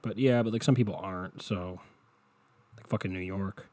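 A man's voice: low voice, moderate pace, dark tone. A man hosting his own podcast alone, ranting in a profane, sarcastic, frustrated way into a home mic indoors. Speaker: podcast host. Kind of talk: casual solo podcast rant. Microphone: USB podcast mic with windscreen.

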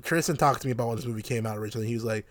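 A man with a mid-range voice rants animatedly about a film in casual podcast chat, profane and quick to laugh. The sound is dry and close, with no room around it. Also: mid-range voice, no echo. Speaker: podcast co-host. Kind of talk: casual movie review chat.

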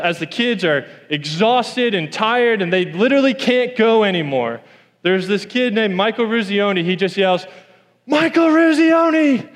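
A man's voice: high-pitched, fairly bright tone, in a large hall. A man preaching a sermon in a church, telling a story and repeating key lines for emphasis.

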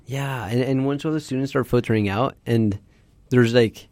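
A young man co-hosting a casual podcast chat, laid-back and quick to act out quotes. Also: mid-range voice, darkish tone, no room sound. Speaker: podcast co-host.

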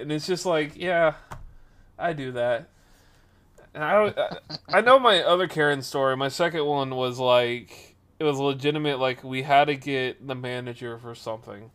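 A man in his 20s with a voice on the high side speaks at a moderate pace. He tells a wandering, animated story on a podcast stream in a casual way, using many fillers.

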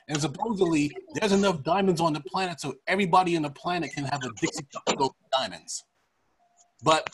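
A man hosting a podcast, giving profane, ranting political commentary in a casual, animated way. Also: on the high side, a little hiss or hum. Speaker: podcast host.

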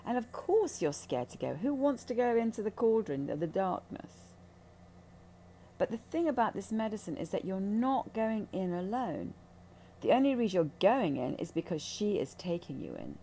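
A woman's voice: medium pitch, very animated, moderate pace, dark tone, a little hiss or hum. A woman who guides ayahuasca ceremonies, talking candidly about spiritual healing in a blunt, intense, profane way.

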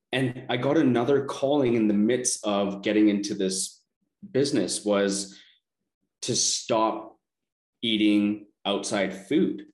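A man's voice: fairly low pitch, a little mellow, roomy sound. A man telling his personal story as a self-help coach, earnest and rambling, often restarting his sentences.

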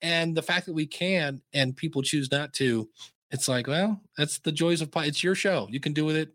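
A man talking as a guest in a casual podcast interview, telling lively stories and slipping into playful voices. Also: on the high side, moderate pace, no room sound, clean studio sound. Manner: lively storyteller who slips into playful voices.

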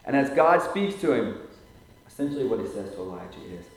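A male pastor preaching a sermon, swelling loud for emphasis and dropping to near-whispers. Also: on the low side, big pitch swings, brisk. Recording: very echoey room.

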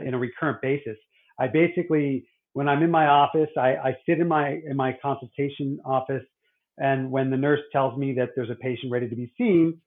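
A man's voice: mid-range voice, narrow, tinny audio. A middle-aged man, a doctor, chatting casually and rambling, with many restarts and fillers. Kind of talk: casual podcast chat.

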